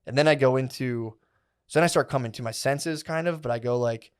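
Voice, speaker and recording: Animated swearing man telling a rambling story. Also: medium pitch, a little fast, smooth. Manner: rambling, animated, heavy swearing and filler words. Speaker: podcast co-host. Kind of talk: casual comedy podcast storytelling.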